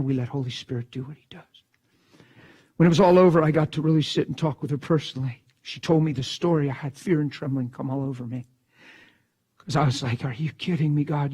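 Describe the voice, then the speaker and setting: A man preaching, telling a story in a hushed voice and then breaking into shouted bursts. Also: fairly high pitch, husky. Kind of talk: sermon storytelling.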